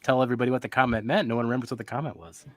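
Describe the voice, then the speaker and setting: A man's voice: medium pitch, fairly even intonation, racing, no room sound. A man hosting a casual whiskey tasting, teasing and playful with his guests. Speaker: host of a whiskey tasting show. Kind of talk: casual chat.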